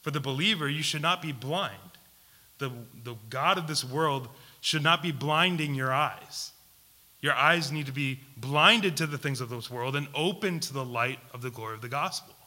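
A man preaching a sermon, putting questions to his listeners and repeating key words for emphasis, swinging between loud and hushed delivery. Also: on the high side, normal speed. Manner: asks the audience questions, emphatic repetition.

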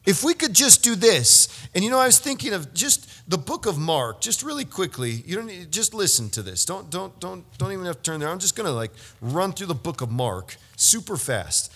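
A man's voice: high-pitched, big pitch swings, moderate pace, few pauses, fairly bright tone, breathy edge. A man preaching a sermon, telling a story with many stammered restarts. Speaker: pastor. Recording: long hall reverb.

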